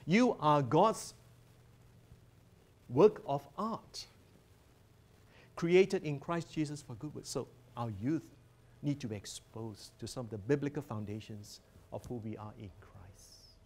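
A man's voice: mid-range voice, normal speed, mellow, a little hiss or hum. A man presenting a teaching workshop as a professor, earnest and emphatic as he guides listeners through slides.

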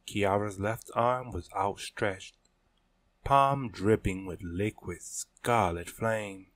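A man narrating a story in a measured, deliberate reading style. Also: on the low side, fairly bright tone. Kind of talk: scripted audiobook narration.

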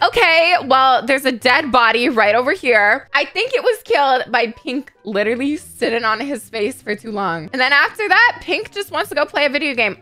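Bubbly high-voiced woman gaming commentator. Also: moderate pace, few pauses, dry recording, soft background music. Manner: excitable, profane, shrieks at sudden moments. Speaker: gaming video host. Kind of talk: playful gameplay commentary.

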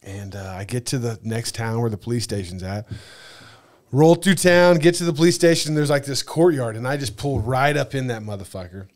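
Profane, animated storytelling man. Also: mid-range voice, a little fast. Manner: animated, profane, acts out dialogue. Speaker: podcast guest. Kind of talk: casual storytelling.

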